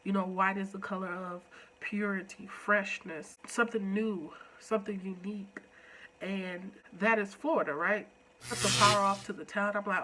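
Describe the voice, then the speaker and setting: A woman with a stuffed-up nose giving a playful, animated recap review of a TV episode. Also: medium pitch, moderate pace, background noise. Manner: animated and playful, with slangy asides. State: stuffed up with a cold. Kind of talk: casual recap vlog.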